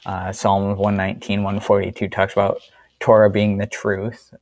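A man's voice: lowish voice, completely flat delivery, normal speed, darkish tone, no room sound. A man co-hosting a casual Bible-study discussion in an easygoing way. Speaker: co-host of a faith discussion.

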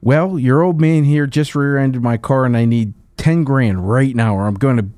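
A man co-hosting a radio show, reading jokes in a wry, deadpan way with casual banter. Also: medium pitch, normal speed, no room sound, clean studio sound. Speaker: radio co-host.

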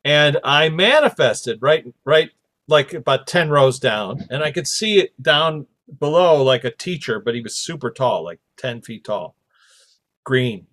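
Speaking a little slowly in a mid-range voice, a male podcast host tells a story in easygoing conversation. He's animated, performing the voices of anyone he quotes.

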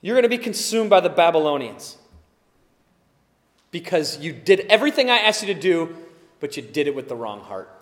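A man with a high voice preaches to his congregation, swinging from forceful emphasis to hushed asides. His talk is casual and conversational, dotted with fillers, and a long reverb trails behind every word. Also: normal speed, long pauses. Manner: animated preaching, swinging between loud emphasis and quiet asides; conversational, with occasional laughs and fillers. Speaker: pastor. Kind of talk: sermon.

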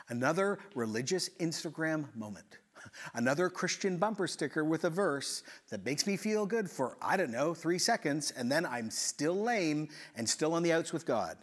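A male pastor preaching a sermon, retelling a scene in a lively storytelling way with acted-out voices and quick asides. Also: a little high, husky.

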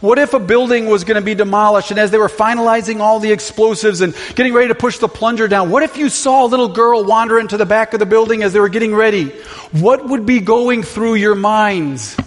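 A man's voice: high-pitched, a little fast. A man preaching a sermon from a church sanctuary, impassioned and full of rhetorical questions. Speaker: pastor. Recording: long reverb of a large hall.

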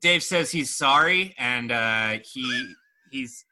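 A man's voice: mid-range voice, slow, sharp tone. A man playing a bumbling ghost who rambles and halts while channeling a spirit, in an improvised comedy podcast. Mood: rambling.

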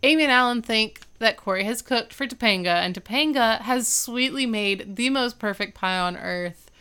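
A smooth-voiced woman podcast co-host. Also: a little high, normal speed, pushed and bright. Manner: laughs easily, gushes fondly over the episode. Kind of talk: casual chat recapping a sitcom episode.

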